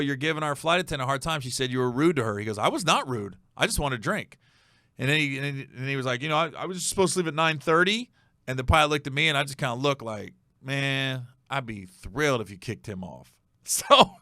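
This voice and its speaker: Lively, bright-voiced male storyteller. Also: fairly high pitch, dry recording, studio quality. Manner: animated, acts out the other voices in the story. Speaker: comedian host. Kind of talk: storytelling monologue.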